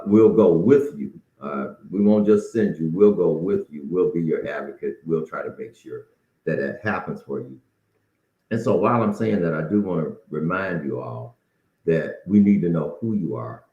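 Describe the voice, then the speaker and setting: A man's voice: rumbling low, mellow. A middle-aged man hosting a casual solo podcast, folksy and encouraging, slightly out of breath. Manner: folksy and encouraging, with frequent restarts. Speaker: podcast host. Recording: roomy, dull lo-fi sound.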